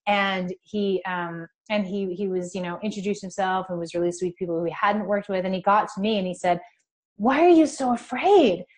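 A middle-aged woman from California, guest in an interview, telling a personal spiritual story in an animated, emotional way. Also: on the low side, brisk, hardly any pauses.

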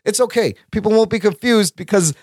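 A man hosting a podcast in casual chat, excitable and quick to laugh as he reads listener mail. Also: high voice, no room sound, studio quality. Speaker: podcast host.

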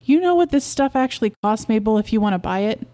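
A woman voicing an excitable, proud middle-aged beekeeper husband who coaxes and insists, in a storybook reading. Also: a little high, fast talker, natural voice. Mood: excited.

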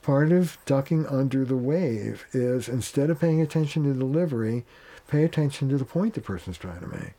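A man with a mellow, warm-toned voice talks as a family therapist being interviewed. He is plain-spoken and casual, and he slips into quoted lines of dialogue to make his points. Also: mid-range voice, animated, moderate pace. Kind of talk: conversational interview.

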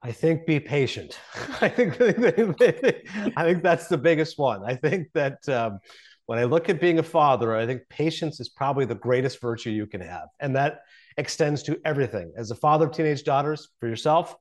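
Earnest man, reflective and candid. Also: mid-range voice. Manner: earnest, reflective, many restarts. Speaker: guest, sports broadcaster. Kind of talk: conversational interview.

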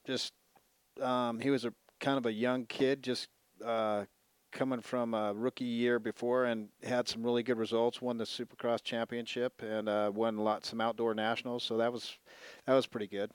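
A man's voice: mid-range voice, level tone, moderate pace, clean tone, no room sound. A man who works as a race mechanic, talking as a guest in a hesitant, modest way with many fillers. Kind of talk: casual chat.

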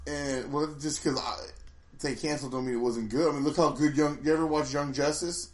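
A man's voice: on the high side, steady tone, a little fast, roomy sound. A man casually chatting as a podcast co-host, rambling with many restarts. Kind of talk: casual chat.

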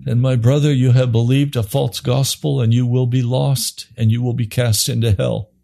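A man preaching an impassioned sermon, swinging from low grave tones to high urgent pleading. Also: flat delivery, normal speed, creaky, dark tone.

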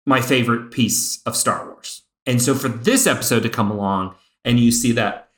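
A man co-hosting a casual chat, an excited fan who talks in bursts, now fast, now slow. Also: mid-range voice. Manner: excited fan, speeds up and slows down. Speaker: podcast co-host. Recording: roomy echo.

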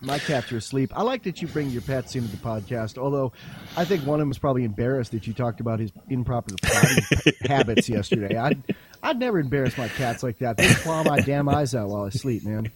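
A man's voice: medium pitch, fairly quick, a loud crowd. A man joking and rambling in casual banter as a podcast guest, talking over a voice chat call. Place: home in Wyoming. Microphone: online voice chat call.

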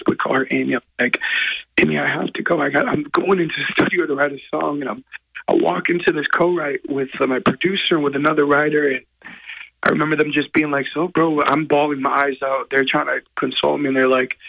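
A man, a guest musician, telling a personal story in an earnest, halting, emotional way from a hotel room. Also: fairly high pitch, gravelly, fairly bright tone, lo-fi sound.

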